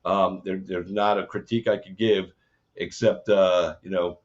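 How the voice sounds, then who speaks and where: A man's voice: low voice, level tone, normal speed. A man hosting a casual interview, rambling with many fillers and frequent swearing. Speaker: podcast host. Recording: dull lo-fi audio.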